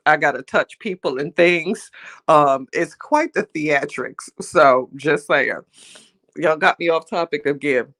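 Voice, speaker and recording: A woman's voice: deep voice, a bit bright. An older woman hosting a casual motivational livestream, chatty and playful, laughing often and talking straight to her viewers. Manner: playful, teasing, self-mocking. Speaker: livestream host.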